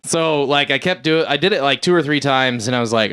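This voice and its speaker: A man's voice: mid-range voice, fairly even intonation, normal speed, fairly bright tone, clean tone, no room sound. Man telling a rambling story on a podcast. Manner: rambling storyteller, laughs at his own jokes. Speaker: podcast host. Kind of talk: casual chat.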